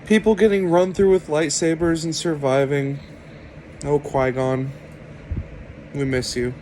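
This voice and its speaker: A man delivering an opinionated commentary rant to his viewers, sarcastic and deliberate. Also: fairly high pitch, steady tone, a little mellow, a little hiss or hum, low-quality recording. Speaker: video commentator.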